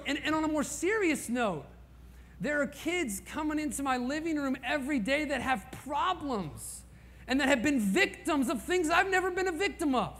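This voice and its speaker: A man in his thirties from Indiana preaching a sermon through personal stories, impassioned, swinging from hushed lines to near-shouts. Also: animated, brisk. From Indiana, USA. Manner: impassioned storytelling, rising to near-shouts at high points.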